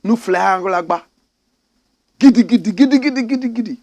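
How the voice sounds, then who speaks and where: A man's voice: high voice, fairly even intonation, a little slow, vocal fry, no echo. A man mocking a shrieking, boastful shrine elder. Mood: taunting. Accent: Ghanaian. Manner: taunting, mocking, sing-song repetition.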